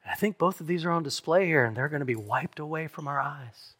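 A man preaching a sermon as pastor, earnest, dropping softly on key lines and speeding through asides. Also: fairly high pitch, quick pace. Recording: long hall reverb.

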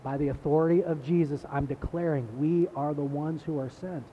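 A man's voice: fairly high pitch, steady tone, a little fast, lo-fi sound, a little hiss or hum. A man giving a sermon as pastor, in a conversational preaching style that repeats words and builds emphasis.

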